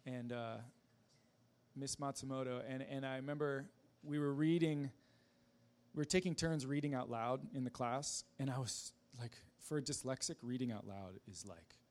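A man giving a personal testimony in a casual, halting way, with many fillers, restarts and self-deprecating laughs. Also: mid-range voice, darkish tone.

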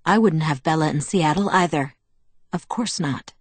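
A woman reading the part of a calm, polite young man in an audiobook, speaking in a smooth, friendly, unhurried way. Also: sits low, no echo. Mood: serene.

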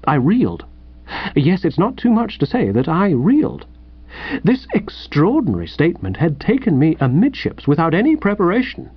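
Guy reading a funny story, wry and lively, dull lo-fi dry recording. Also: medium pitch, slightly rough, no echo. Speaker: audiobook narrator. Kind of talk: first-person story reading.

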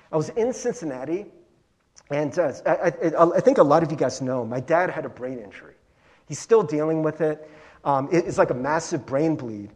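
Pastor guy with a slightly high voice, super chatty sermon, lots of "like" and "right?". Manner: animated, chatty, frequent "like" and "right?" asides. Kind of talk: conversational sermon.

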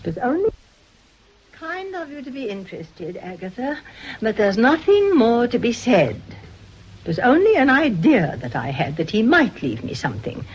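An actress playing a gentle, self-effacing woman in a vintage radio drama, speaking softly and apologetically. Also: on the high side, sing-song, normal speed, slight background noise. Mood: resigned. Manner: soft, apologetic, resigned. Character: meek, self-effacing spinster, gentle and resigned. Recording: dull lo-fi old radio recording.

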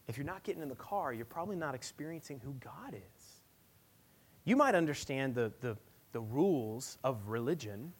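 A man's voice: mid-range voice, animated, moderate pace, breathy edge. A man in his thirties, a pastor giving a conversational, emphatic sermon with personal stories.

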